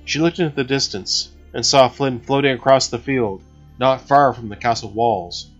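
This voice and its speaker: A man narrating an audiobook in a steady, measured reading. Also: medium pitch. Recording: slightly dull recording with faint music.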